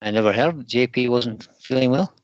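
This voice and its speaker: A man's voice: mid-range voice, normal speed, dull audio, slight background noise. A man hosting a live woodturning stream from his workshop, chatting casually and reading viewer comments aloud. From United Kingdom. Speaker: woodturning livestream host.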